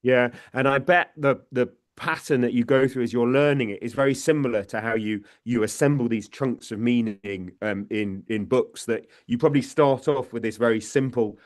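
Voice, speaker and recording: A British man, a guest researcher, explaining ideas in conversation, thinking aloud with restarts and often checking with "yeah?". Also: mid-range voice.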